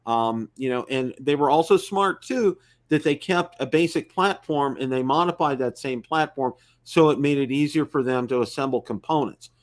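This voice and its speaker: A man's voice: mid-range voice, normal speed, hardly any pauses. Guy hosting a live drone talk stream, rambly, lots of you knows. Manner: rambling, many fillers and restarts. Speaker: host.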